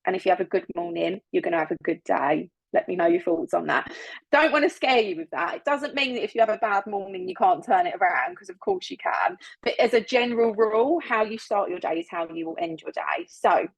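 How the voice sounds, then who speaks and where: A woman's voice: on the low side, animated, brisk, vocal fry, husky, dry recording, low-quality recording. A woman leading a casual, motivational team training on a video call, chatty and upbeat, laughing often and repeating words for emphasis. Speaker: business team leader giving training.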